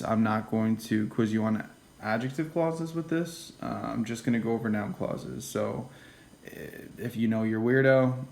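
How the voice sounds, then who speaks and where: A man giving a casual classroom lecture, often checking in with "okay?" and "right?" and dropping into quiet whispered asides. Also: on the low side, rough recording. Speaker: teacher.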